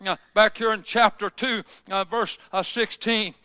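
A pastor delivers an impassioned sermon, his very high voice ringing with a sharp, forceful edge. He peppers his lines with "uh" and keeps pushing toward shouted declarations. The sound is dry and close, with no room echo. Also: steady tone, unhurried, clear, resonant tone. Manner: impassioned preaching that swells into shouts, many "uh" fillers. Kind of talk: fervent sermon.

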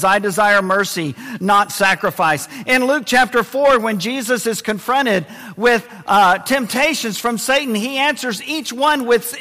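A man preaching a sermon, lively and expressive, dropping to a low, quiet voice to stress key points. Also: in a large hall. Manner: expressive preaching, drops to a low hush for emphasis. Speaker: pastor.

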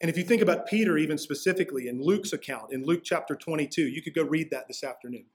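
A man delivers a sermon as pastor, his voice sitting a bit high for a man. He talks in a loose, conversational way and drops in casual asides as he explains. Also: fast.

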